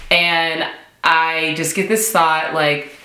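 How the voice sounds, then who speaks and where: A young woman tells a casual storytime vlog in a low, bright voice, slipping into high-pitched acted-out quotes. She speaks slowly and unhurriedly. The sound is echoey, as if recorded in a bare room. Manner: animated, acts out quoted dialogue with jumps in pitch. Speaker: vlogger.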